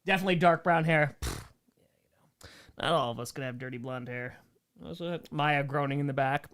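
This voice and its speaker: A man's voice: fairly high pitch, fairly quick, fairly bright tone, clean tone. A young man hosting a casual livestream Q&A, reading comments aloud with sarcastic jokes and frequent laughs. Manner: joking, sarcastic, laughs often. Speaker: streamer hosting a members Q&A.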